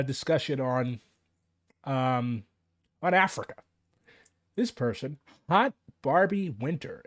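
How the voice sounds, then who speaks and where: A man's voice: fairly high pitch, no room sound, clean studio sound. An American man commenting to camera in a casual rant, profane and exasperated, his voice jumping up when he gets worked up. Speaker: political commentator.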